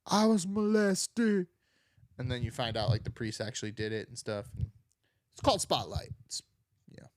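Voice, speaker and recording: A man's voice: fairly high pitch, no room sound, studio quality. A young man hosting a political comedy podcast, talking in a rambling, sarcastic way with lots of filler words. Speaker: podcast host. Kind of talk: unfiltered political comedy monologue.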